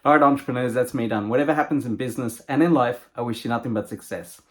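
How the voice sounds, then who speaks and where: Talking fast in a mid-range voice, a man who gives motivational talks spins a moral story, his pitch climbing and falling with lively energy. Warm narration builds to a lesson aimed at entrepreneurs.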